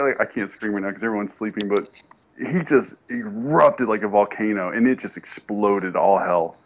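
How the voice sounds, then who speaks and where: A man chatting casually on a podcast, excited and enthusiastic as he tells stories. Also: fairly high pitch, normal speed. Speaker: podcast co-host. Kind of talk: casual chat. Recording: muffled with faint hiss.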